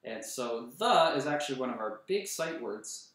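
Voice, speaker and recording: A male kindergarten teacher leading a writing lesson for young children, slowly sounding out words letter by letter. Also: mid-range voice, lively intonation, a bit bright. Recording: roomy echo, voice a bit far from the mic.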